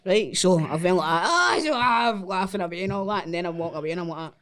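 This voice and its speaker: A man's voice: high voice, animated, quick pace, a bit bright. A Scottish man co-hosting a podcast, telling a short, punchy story in casual chat. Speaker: podcast co-host.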